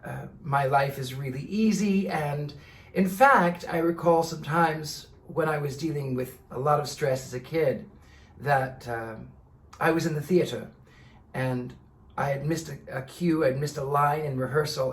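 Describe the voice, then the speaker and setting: A man hosting his own channel, telling a personal story in an earnest, deliberate way with theatrical emphasis. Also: on the high side, roomy sound. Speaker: channel host. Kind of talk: personal monologue to camera.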